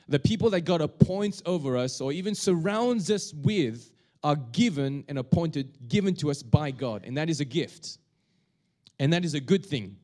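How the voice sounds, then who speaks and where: A male pastor preaching a sermon, talking in a halting way with many restarts and fillers. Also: a little high, darkish tone.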